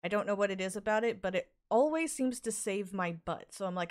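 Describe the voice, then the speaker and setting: A woman's voice: mid-range voice, expressive, fairly quick. A woman in casual podcast chat, talking hesitantly with fillers and restarts. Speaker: podcast guest.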